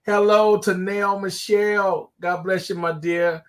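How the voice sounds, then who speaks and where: Male pastor host, slightly high voice, affirming and upbeat. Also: fairly even intonation, a little slow. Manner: affirming, encouraging. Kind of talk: hosting a live call.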